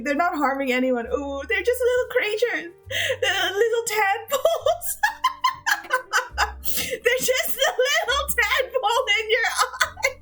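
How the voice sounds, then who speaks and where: A woman's voice: very high voice, fairly bright tone. A woman streamer chatting casually with her chat, laughing often.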